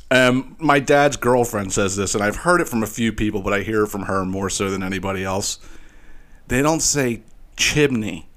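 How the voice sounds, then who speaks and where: A man hosting a solo podcast, ranting in a profane, animated way with laughing asides and repeated "you know what I mean". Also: fairly low pitch, moderate pace. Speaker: podcast host.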